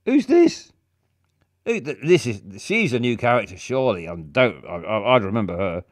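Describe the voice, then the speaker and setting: A man's voice: fairly low pitch, expressive, fairly quick, dry recording, studio quality. A man streaming a game, describing a character in a rambling, hesitant way full of fillers. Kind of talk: casual game commentary.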